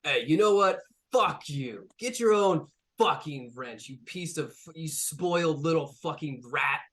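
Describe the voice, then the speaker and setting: A man voicing a big, beefy male bruiser who yells angry threats in a raised voice. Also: fairly high pitch, fairly quick, natural voice. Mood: furious. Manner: yelling, swearing threats.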